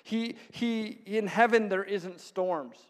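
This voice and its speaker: A man's voice: high voice, takes it slowly. A man preaching a sermon, telling stories with frequent chuckles and acting out the voices of others. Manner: storytelling, chuckles often, plays out voices of others. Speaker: pastor. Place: church hall. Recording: long hall reverb.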